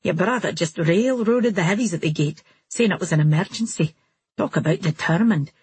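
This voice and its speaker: A woman voicing a calm, steady young man who speaks gently and earnestly in an audiobook. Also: fairly low pitch, normal speed, slightly rough, dry recording. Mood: wry.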